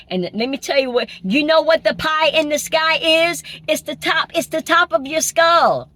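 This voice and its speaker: A woman's voice: high-pitched, moderate pace, hardly any pauses, pushed and bright. A woman giving an informal spiritual sermon, emphatic, repeating phrases and asking rhetorical questions. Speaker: spiritual preacher.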